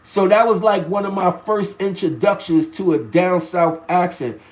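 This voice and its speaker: High-ish new york guy in his 40s doing a loose live chat, keeps restarting sentences, lots of slang. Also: normal speed, a little mellow. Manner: rambling storytelling with restarts and slang. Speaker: live stream host reading chat.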